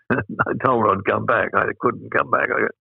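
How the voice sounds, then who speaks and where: An older man in his eighties from Australia tells rambling stories and chuckles as he goes. His low voice is gravelly with fry. It comes through a tinny, phone-like line with a dry sound. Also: moderate pace, dry recording. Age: 80s. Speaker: guest. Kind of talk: anecdotal storytelling.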